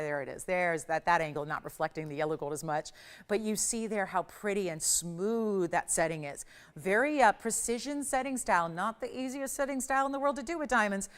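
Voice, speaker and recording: A woman hosting a live shopping channel broadcast, giving a chatty, gushing sales pitch in a TV studio and repeating words for emphasis. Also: a bit bright. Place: television studio.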